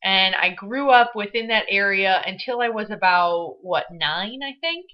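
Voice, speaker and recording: A young woman with a Midwestern American accent talks through a vlog in a chatty, bubbly way, dropping fillers as she goes. Her voice sits at a middling pitch for a woman. The audio is dull and lo-fi, like a webcam mic. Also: animated, measured pace. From Michigan, USA. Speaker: vlogger. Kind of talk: casual vlog chat.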